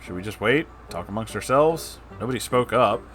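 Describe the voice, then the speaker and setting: A man's voice: lowish voice, animated, moderate pace, a bit bright. A man reading a story aloud and breaking off for casual, sarcastic, profane asides. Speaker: story narrator.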